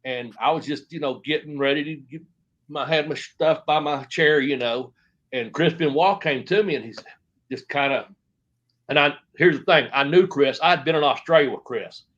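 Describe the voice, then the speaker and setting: A man's voice: fairly high pitch, moderate pace, a bit bright, muffled recording. A man, a former pro wrestler, telling stories in an interview, rambling with lots of fillers. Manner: rambling, filler-heavy, acts out quotes. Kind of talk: shoot interview storytelling.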